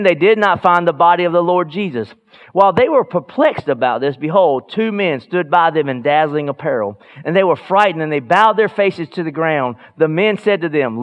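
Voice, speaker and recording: A man preaching a sermon as pastor in a church, swinging between hushed lines and loud bursts. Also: on the high side, muffled recording.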